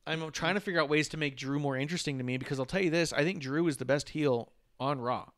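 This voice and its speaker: A man's voice: fairly high pitch, fast talker, a bit bright, no room sound, clean studio sound. A man co-hosting a podcast, rambling in casual chat, swearing freely and chuckling. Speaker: podcast co-host.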